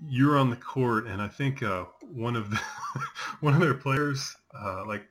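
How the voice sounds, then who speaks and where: A man's voice: medium pitch, unhurried, fairly bright tone, breathy edge. A man in his forties chatting casually as a host, telling rambling stories with many fillers. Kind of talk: casual chat.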